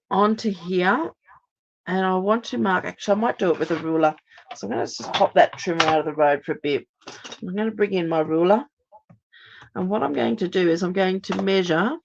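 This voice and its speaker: A hoarse, lower-pitched middle-aged woman talks viewers through a craft project step by step, chatty and full of ums. The audio sounds dull and muffled, like a home live stream. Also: a little hiss or hum. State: hoarse, recovering voice. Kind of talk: live card-making demonstration.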